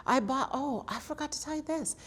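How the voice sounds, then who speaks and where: A woman in her sixties from Colorado, USA, shares family stories for an oral history interview, acting out what people said. She's an animated storyteller with a high-pitched voice and a slightly fast pace.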